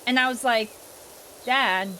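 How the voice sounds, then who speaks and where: A woman's voice: a little slow, slight background noise, poor audio. A young woman with a Midwestern accent, telling a story to her stream while playing, and her voice leaps up when she is exasperated. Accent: Midwestern American. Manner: animated, jumps high when exasperated. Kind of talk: casual storytelling while gaming.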